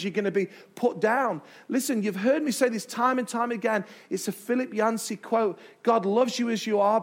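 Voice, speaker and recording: A man preaching as a pastor in a church, emphatic, with dramatic pauses and repetition. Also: sits high. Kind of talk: sermon. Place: church sanctuary.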